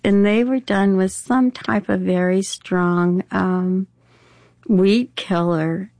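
An older Southern woman speaks slowly in a gravelly voice. She tells her story in a plain, wry way. The recording is close and dry. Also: medium pitch, fairly even intonation, a little mellow, dry recording. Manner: plainspoken, wry, laughs a little. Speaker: interviewee. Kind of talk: personal storytelling.

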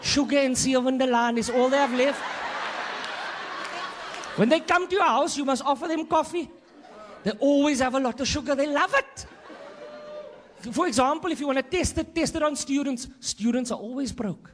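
A man with a South African accent doing a stand-up comedy routine, energetic and punching his lines up with loud bursts. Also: very high voice, moderate pace, pauses often.

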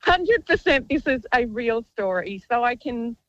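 A woman's voice: on the high side, animated, unhurried, dry recording, muffled recording. A woman calling a radio show, telling a cheeky story with giggles. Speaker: caller.

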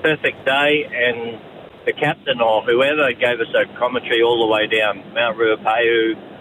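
A man calling in to a radio show, calmly recounting a trip. His voice sits at a middle pitch. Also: moderate pace, noisy background. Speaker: caller. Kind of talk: radio phone-in.

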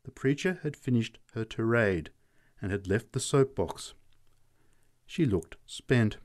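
Narrator: expressive male reader, animated delivery. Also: medium pitch, measured pace. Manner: expressive, acts out voices. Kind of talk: reading short stories aloud.

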